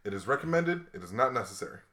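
A man's voice: medium pitch, big pitch swings, racing, pushed and bright. A young man in his twenties, a podcast host, telling a story in casual chat, sarcastic and often laughing as he acts out what others said.

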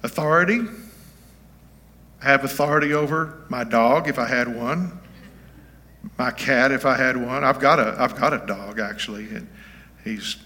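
Folksy older pastor in a reverberant hall. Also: male voice, medium pitch, normal speed, pauses often, bright, forceful tone. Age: 70s. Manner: folksy, conversational, checks in with listeners. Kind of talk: informal teaching sermon.

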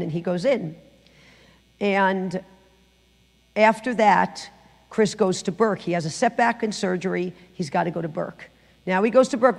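A middle-aged woman sharing her personal testimony in church, telling the story with lively acted-out quotes. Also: mid-range voice, long reverb tail. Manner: animated storytelling, acting out quotes. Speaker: guest speaker giving testimony. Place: church sanctuary.

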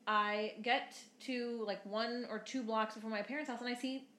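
A woman's voice: on the high side, steady tone, normal speed, a bit bright, reverberant. A woman, cohosting a casual chat and telling stories that act out what people said, swearing freely. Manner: swears freely, acts out quotes. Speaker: podcast co-host.

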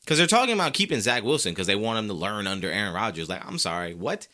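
A man delivers opinionated sports commentary as a show host, worked up and ranting. His pitch swings widely. His tone is forceful and tense, and he drives each point home by repeating it. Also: lively intonation, quick pace. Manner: ranting, fired up; emphatic repetition.

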